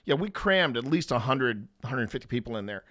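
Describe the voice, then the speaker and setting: A man's voice: medium pitch, expressive, a little fast, sharp tone. A man co-hosting a live-streamed podcast, telling a long story in a rambling way with restarts and laughter. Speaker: podcast co-host.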